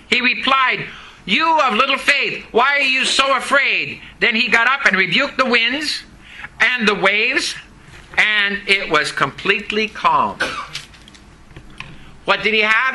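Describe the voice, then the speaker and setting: Preacher, male, very high and piercing voice, emphatic, quizzes the congregation. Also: expressive, a little slow, poor audio. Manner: emphatic, questions the congregation, rises to shouting. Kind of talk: sermon. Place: church service.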